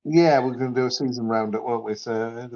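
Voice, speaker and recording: A man co-hosting a podcast in casual chat, relaxed and agreeable. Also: medium pitch, fairly quick, highs cut off. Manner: relaxed, agreeable, frequent short backchannels. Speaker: podcast co-host.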